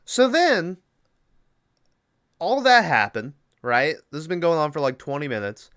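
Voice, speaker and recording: A man's voice: fairly high pitch, wildly swooping pitch, measured pace, a bit bright, no room sound, clean studio sound. A man hosting a podcast, casually retelling a movie plot in a rambling, profane way with lots of fillers. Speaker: podcast host.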